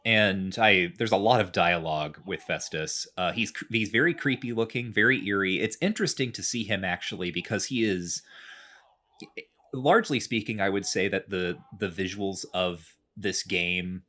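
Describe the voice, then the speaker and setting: A man's voice: low-pitched, normal speed, pushed and bright. A man in casual podcast chat, rambling through a game recap with lots of fillers. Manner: rambling, many fillers, chatty explaining. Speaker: podcast co-host.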